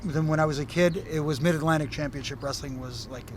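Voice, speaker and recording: A middle-aged man from Canada talks in a fairly high voice. He tells his stories in a lively, rambling way, with lots of uhs and restarts, and a faint hum of a busy venue sits behind him. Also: quick pace. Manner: animated storyteller, frequent fillers and restarts. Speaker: former wrestling referee, guest. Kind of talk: casual interview chat.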